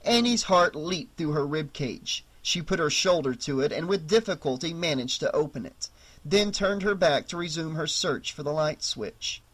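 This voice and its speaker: A man narrating a horror novel audiobook in a steady, measured storytelling voice. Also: on the high side.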